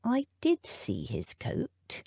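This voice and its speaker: A composed, formal male butler who never loses his polish, as a woman narrator puts him on, his delivery slow and soft-spoken. The lines come measured and unruffled, with a lively rise and fall. It's a dry, close audiobook recording. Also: a little high, vocal fry, breathy edge, no echo, pitched above the performer's own voice, full character voice. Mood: musing. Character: proper older male butler, smooth and composed.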